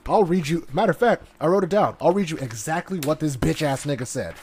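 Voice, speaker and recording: A man's voice: a little high, lively intonation, fast talker, hardly any pauses, darkish tone, breathy edge, no room sound. A man giving heated, profane ranting commentary in an aggressive, sarcastic manner. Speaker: online commentator.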